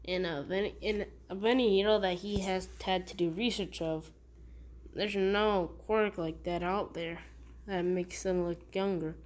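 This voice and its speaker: A woman's voice: fairly low pitch, steady tone, a little slow. A woman casually telling a fan-fiction story, rambling and correcting herself as she goes.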